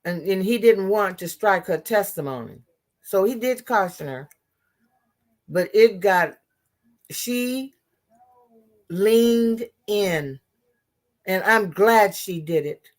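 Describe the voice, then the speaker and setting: A woman's voice: mid-range voice, expressive, slow pace, long pauses. Woman, political commentator, emphatic, profane, many restarts, livestream talk.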